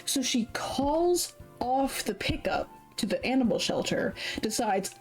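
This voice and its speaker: A woman's voice: on the high side, expressive, measured pace, hardly any pauses, faint music behind. A young adult woman streamer casually commenting while she plays a video game, chatty and irreverent, often laughing and swearing. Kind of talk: casual let's-play commentary.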